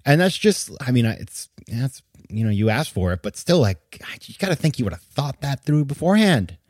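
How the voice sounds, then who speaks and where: A man's voice: medium pitch, very animated, moderate pace, darkish tone, no room sound, clean studio sound. A man hosting a podcast, giving an indignant, emphatic opinion monologue with bursts of incredulous laughter. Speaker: podcast host.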